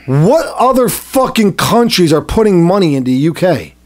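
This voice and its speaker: A man's voice: sits high, very animated, normal speed. A man co-hosting a satirical podcast, swearing freely and ranting with crude humor. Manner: profane, ranting, crude jokes. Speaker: podcast co-host. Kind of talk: casual satirical chat.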